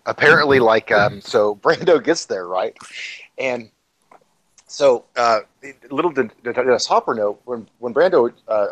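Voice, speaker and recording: A man's voice: mid-range voice, poor audio. A man co-hosting a casual livestream podcast, telling a long anecdote full of fillers, restarts and swearing. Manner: rambling, profane anecdote-telling with many fillers. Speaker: podcast co-host. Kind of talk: casual storytelling chat.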